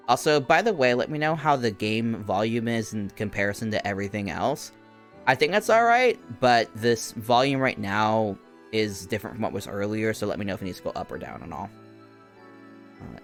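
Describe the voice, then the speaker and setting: A man's voice: lowish voice, expressive, moderate pace, a bit bright, soft background music. A young man streaming a game, chatting casually and rambling with lots of fillers.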